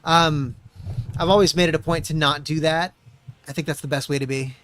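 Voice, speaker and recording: A man's voice: fairly high pitch, steady tone, a little fast, a bit bright, slight background noise. A man streaming a racing game, muttering to himself and swearing often as he chats. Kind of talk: casual gameplay commentary.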